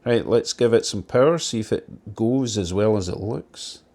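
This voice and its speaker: A man's voice: fairly low pitch, moderate pace, warm tone. A man hosting his model railway channel, giving casual, enthusiastic commentary that pokes fun at himself as he runs a model train around his layout at home. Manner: chatty, enthusiastic, lightly self-mocking.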